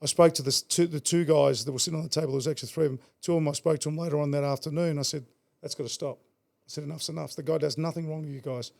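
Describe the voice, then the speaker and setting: Gravelly fast-talking Australian man. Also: fairly high pitch, fairly even intonation, darkish tone. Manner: blunt, swears freely, repeats words. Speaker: guest. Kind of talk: casual storytelling.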